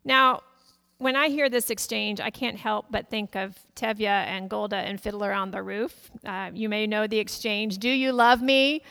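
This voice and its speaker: A woman's voice: mid-range voice, fairly even intonation, moderate pace, creaky, bright, forceful tone, clear, resonant tone, dry recording. A middle-aged woman pastor giving a sermon in a storytelling manner, acting out the voices in the stories she tells. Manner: storytelling, acts out quoted voices.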